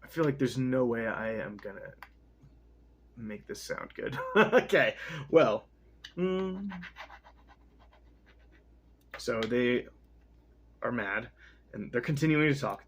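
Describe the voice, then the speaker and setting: A man's voice: medium pitch, lively intonation, takes it slowly, pauses often, a bit bright, a little hiss or hum. A young man reading a text aloud and casually commenting on it, rambling, profane and often interrupting himself. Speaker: reader.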